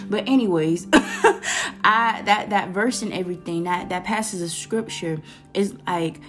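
A woman from Florida with a Florida accent, giving a casual, animated faith talk to camera, slangy and quoting scripture. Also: medium pitch. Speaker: Christian vlogger.

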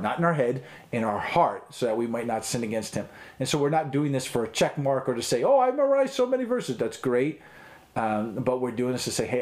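A man's voice: mid-range voice, a little mellow. A middle-aged man teaching as a pastor in a recorded online talk, earnest and conversational, with frequent ums and restarts.

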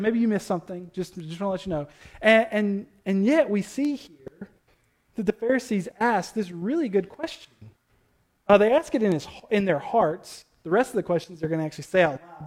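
High-voiced male pastor preaching. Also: a little fast, a little mellow. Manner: conversational, with asides and self-corrections. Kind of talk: sermon.

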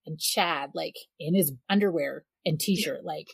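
Woman, thirties, podcast co-host, husky, lowish voice, lively storytelling, dry close sound. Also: measured pace, no echo. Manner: animated storyteller, acts out quoted voices, laughs often. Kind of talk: casual chat, storytelling.

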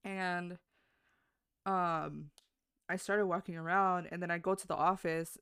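Co-host, casual rambler, clear smooth tone, mid pitch, dry close mic. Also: little pitch movement, a little slow, fairly bright tone, no echo. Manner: rambling, many fillers and self-corrections; swears casually. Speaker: podcast co-host. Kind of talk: casual storytelling.

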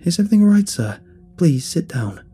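A man's voice: a little high, big pitch swings, brisk, dark tone, husky, soft background music, pitched above the performer's own voice, full character voice. A man doing a polite, firm female nurse. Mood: firm, concerned.

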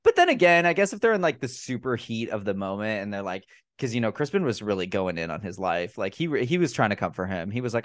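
A man hosting a podcast, chatting casually about a film and retelling scenes in a profane, animated way. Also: lowish voice, quick pace, dry recording, studio quality. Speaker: podcast host. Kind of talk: casual film review chat.

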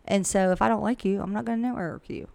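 A woman's voice: mid-range voice, quick pace, vocal fry, warm tone, dry recording. A woman who works as a real estate agent and coach, talking frankly and chattily in a casual interview. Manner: chatty and frank, with laughs and asides.

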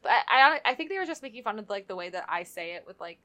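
A young woman from the South co-hosting a podcast, chatting in a relaxed way and drawing out her long vowels. A faint hiss sits behind her voice. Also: mid-range voice, fast talker. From American South. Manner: relaxed, drawls long vowels, says like often. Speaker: podcast co-host. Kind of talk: casual chat.

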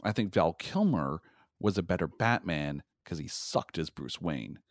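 A man co-hosting a podcast in animated casual chat, often restarting his sentences. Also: low-pitched, measured pace, no room sound, studio quality. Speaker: podcast co-host.

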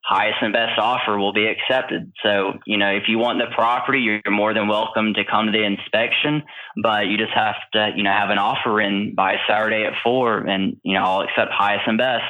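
Low-voiced man on a tinny line. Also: brisk. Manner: animated storyteller, many fillers. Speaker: guest. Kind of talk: telling a story in an interview.

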